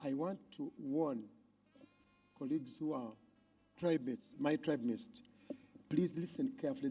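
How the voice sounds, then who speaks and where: A man with a Ugandan accent hosting a conference on stage, loudly introducing speakers to the crowd. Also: on the high side, a little slow, long pauses, slightly rough. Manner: loud, animated announcing to a crowd. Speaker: conference emcee.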